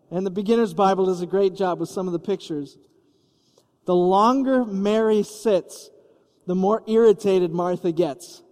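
A man's voice: high voice, warm tone, big-room sound. A man preaching a sermon as pastor, telling the story vividly and acting out the scene.

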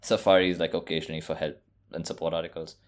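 A man co-hosting a podcast, brisk and dropping short interjections. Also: extremely low pitch, flat delivery. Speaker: podcast co-host. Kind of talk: casual tech chat.

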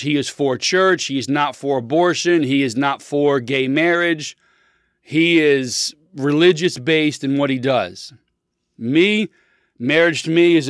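A man's voice: a little high, no echo, clean studio sound. A man in his thirties talking politics in a blunt, opinionated, rambling monologue, full of restarts.

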